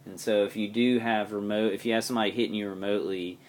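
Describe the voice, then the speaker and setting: A man with a very low voice talks straight to his viewers in a personal video diary. His delivery is rambling and halting, but earnest throughout. A faint background hiss sits under the recording. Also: steady tone. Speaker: vlogger.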